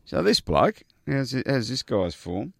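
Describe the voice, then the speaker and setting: A man's voice: medium pitch, big pitch swings, a little slow, creaky, no echo, clean studio sound. A man, a co-host, telling news stories in a chatty, joking way. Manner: chatty storyteller, jokey asides. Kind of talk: casual chat.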